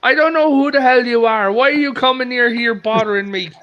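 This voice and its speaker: A woman's voice: on the high side, brisk, muffled recording, voice pushed up, close to an everyday voice. A man voicing his young female cousin coaxing her confused grandfather.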